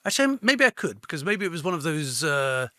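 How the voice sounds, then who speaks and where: A man's voice: a little high, a little fast, dry recording, studio quality. A man co-hosting a casual chat, telling stories and acting out the people he quotes. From Britain. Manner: animated storyteller who acts out quoted voices. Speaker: co-host.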